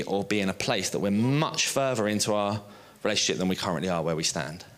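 Joking preacher, lowish voice. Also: male voice. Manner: lively, joking, self-deprecating storyteller. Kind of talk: sermon. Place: on a stage before an audience.

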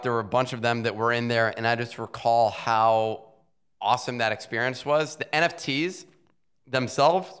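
A man hosting a casual podcast interview, relaxed and joking, and plugging a sponsor code. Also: mid-range voice, clear, resonant tone. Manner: laid-back, joking, plugs sponsors. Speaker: podcast host.

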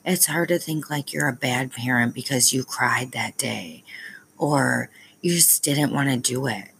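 A woman's voice: extremely low pitch, measured pace, creaky, fairly bright tone, a little hiss or hum, low-quality recording. A young woman, a parent, talking candidly to her viewers in a rambling vlog, with plenty of ums and self-aware asides. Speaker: parent vlogger.

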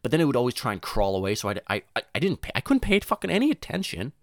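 Racing along in a sing-song way, a young man delivers a long comic story, captured in studio quality with no echo. It's loose and rambling, heavy on swearing, "dude," and "you know," with restarts and sudden high voices for quoted people.

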